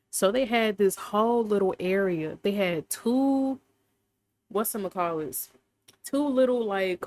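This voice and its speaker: Woman host, casual Bible talk, lively laughing storyteller. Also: medium pitch.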